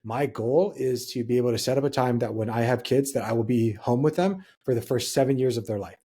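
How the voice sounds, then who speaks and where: A man's voice: medium pitch, a little fast, warm tone, slightly rough. A young man from Hawaii, co-hosting a podcast, talking in an earnest, reflective way and telling stories. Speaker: podcast co-host. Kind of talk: casual podcast chat.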